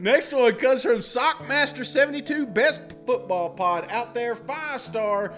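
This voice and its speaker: A man's voice: extremely high pitch, measured pace, a bit bright, faint music behind. A man co-hosting a sports podcast, reading listener reviews aloud with jokey asides and frequent laughter. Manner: jokey, laughs often, mock-dramatic asides. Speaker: podcast co-host.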